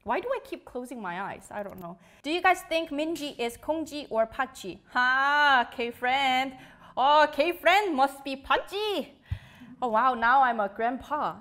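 A woman's voice: sits high, lively intonation, unhurried, a bit bright. A young woman, hosting a live quiz show in playful, giggly chat while reading out viewer comments. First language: Korean.

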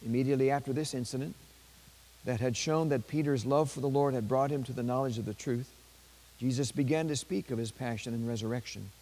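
A man with a dark, mellow voice reads aloud from a saint's life at a measured pace. Now and then he stops to add a quick aside in his ordinary speaking voice. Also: mid-range voice, rough recording. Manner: measured reading with brief spoken asides. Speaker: priest.

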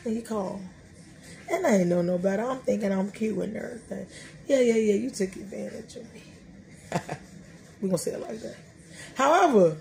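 A woman's voice: a little high, gravelly, mellow, a little hiss or hum. A middle-aged woman hosting a podcast, sharing faith talk in a colloquial, joking, storytelling way. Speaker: podcast host.

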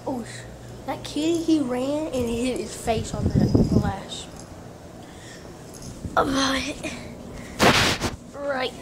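Slow-talking teen girl giving a house tour. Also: a little high. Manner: rambling, distracted, chatty asides. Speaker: vlogger. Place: house, walking through rooms and outdoors. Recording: noisy home video.

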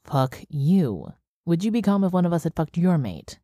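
A woman voicing an angry young male bear shifter in an audiobook, speaking slowly with a menacing growl. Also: lowish voice, very animated, mellow, dry recording, studio quality, voice pushed up. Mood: furious.

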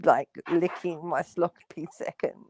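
A woman's voice: sits low, steady tone, takes it slowly, darkish tone, no room sound. An Irish woman trading crude, brash trash talk in a joking livestream panel chat. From Ireland.

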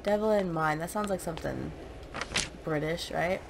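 Chatty woman with a gravelly low voice. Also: a little slow, background noise. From United States. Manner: chatty, self-mocking, reads game notes aloud. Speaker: gaming channel host. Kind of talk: let's play commentary.

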